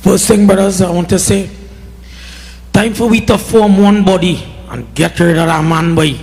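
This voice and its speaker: High-voiced Trinidadian man, impassioned. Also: normal speed, vocal fry, darkish tone, breathy edge. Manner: heated, repeats "boy" often. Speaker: farmer speaking at a community budget meeting. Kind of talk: impassioned public address. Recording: reverberant hall.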